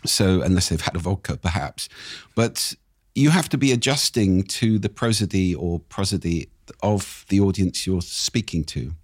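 A man, a speaking coach, explaining in conversation with lively, demonstrative intonation and a husky voice. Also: low voice, moderate pace, no echo, clean studio sound.

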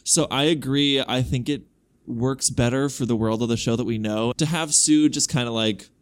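A man's voice: medium pitch, normal speed. A man co-hosting a podcast, reading listener emails aloud and reacting with casual, wry asides. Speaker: podcast co-host.

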